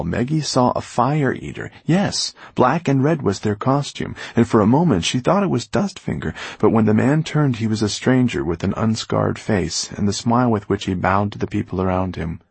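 Man, audiobook narrator, expressive, deep, husky, gravelly. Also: no room sound. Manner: expressive storytelling. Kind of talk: scripted narration.

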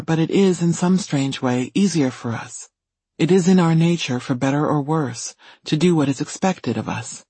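A man reading a first-person story in calm, even scripted narration. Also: fairly high pitch, slightly rough, no echo. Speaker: audiobook reader.

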